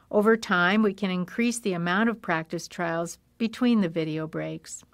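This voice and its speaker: A woman speech-language pathologist calmly explaining therapy methods in a voice-over. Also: on the low side, dry recording.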